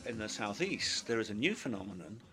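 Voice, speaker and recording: Male linguist, lowish, measured interview explainer. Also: sing-song, a bit bright, soft background music. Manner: measured, academic, careful phrasing.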